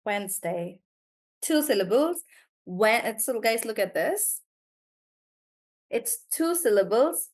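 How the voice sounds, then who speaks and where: Young woman teacher, a little high, encouraging, checks words aloud on a video call. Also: animated, slow pace, pauses often. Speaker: online English teacher. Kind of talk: live online class, coaching students on syllables.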